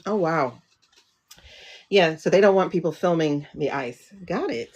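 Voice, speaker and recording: A woman's voice: low-pitched, measured pace, darkish tone, lo-fi sound, a little hiss or hum. A woman hosting a casual livestream chat. She talks in a rambling, chatty way and often breaks off mid-sentence. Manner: rambling, self-interrupting, chatty. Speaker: livestream host and tarot reader.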